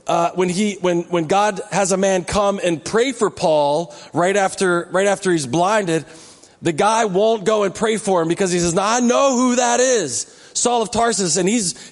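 A male pastor with a high voice preaches in a church sanctuary, the big-room acoustics audible around him. He keeps the sermon conversational, tossing joking asides to the congregation.

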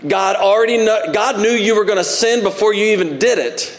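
A man with a high voice preaches to his congregation, talking in a relaxed conversational way and slipping into small acted-out asides. His voice carries a long reverb from the large church hall. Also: normal speed, hardly any pauses. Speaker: pastor. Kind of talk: sermon.

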